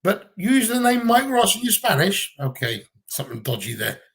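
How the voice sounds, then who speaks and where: Man, Gibraltarian accent, casual livestream chat, blunt, sweary, slightly high voice. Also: big pitch swings, moderate pace, fairly bright tone, slightly rough. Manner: blunt, swears freely, chatty. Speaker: livestream co-host. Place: at home.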